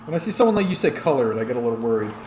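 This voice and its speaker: A man's voice: mid-range voice, sing-song, rapid-fire, reverberant, noisy background. A tipsy man streaming and giving rambling play-by-play commentary on a wrestling video game, chatting back to his viewers.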